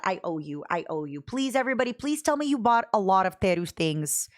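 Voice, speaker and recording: Young female streamer, bubbly, chatty, talks straight to her viewers. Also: fairly low pitch. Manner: bubbly, talks to chat, jumps from topic to topic. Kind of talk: casual livestream chat.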